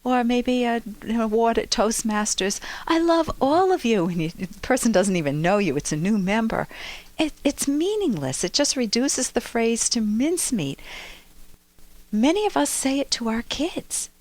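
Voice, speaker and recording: A woman co-hosting a relationship podcast, musing in a chatty, animated way. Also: on the high side, normal speed, dry recording. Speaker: podcast co-host. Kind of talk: conversational commentary.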